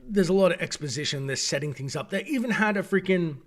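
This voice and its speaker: An Australian man giving a casual, opinionated review, talking in an animated, digressive way. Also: high voice, quick pace. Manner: animated, digressive, acts out quoted voices. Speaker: video reviewer.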